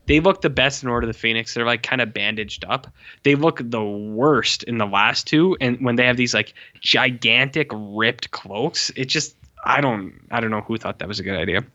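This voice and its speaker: A man's voice: medium pitch, normal speed. A young man chatting casually and animatedly about movies as a podcast co-host, swearing now and then. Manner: animated, swears, mimics characters with squeals. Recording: slightly dull lo-fi audio.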